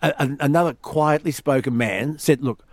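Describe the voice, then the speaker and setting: An Australian man hosting a talk radio show, telling a story with lively acted quotes in a studio. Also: medium pitch, moderate pace, no room sound. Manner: animated storyteller, acts out quotes. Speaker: radio host.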